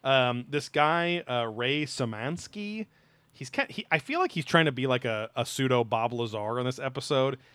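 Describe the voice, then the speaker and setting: Profane animated man, dry sound. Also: medium pitch, moderate pace, clean tone, no room sound. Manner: profane, animated, mocking impressions. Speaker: podcast co-host. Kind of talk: casual podcast chat.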